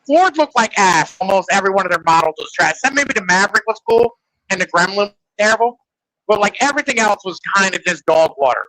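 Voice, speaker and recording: A man's voice: high voice, lively intonation, fast, sharp tone, no room sound, poor audio. A man in casual podcast chat, rambling and profane, leaning on "like" and "right?". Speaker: podcast host.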